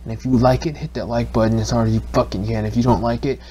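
A young man recording a casual voiceover for his gaming channel. He rambles, swears constantly, restarts his sentences and gets excitable. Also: medium pitch, quick pace, a crowd in the background.

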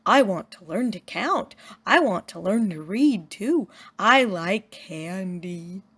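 A woman voicing a clumsy, friendly young male moose who talks in a slow, earnest, literal way. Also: medium pitch, expressive, fairly bright tone, slightly rough, full character voice.

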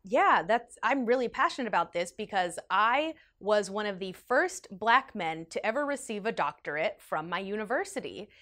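A woman quoting a kind, gentle man in his seventies, a retired professor, in an earnest, encouraging tone. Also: mid-range voice, animated, moderate pace, hardly any pauses, lightly acted.

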